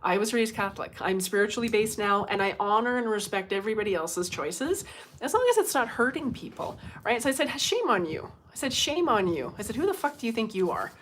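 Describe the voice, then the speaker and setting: A woman's voice: medium pitch, animated, fast, a little hiss or hum. A middle-aged woman, a psychic medium, chatting casually on a livestream, laughing often and swearing bluntly.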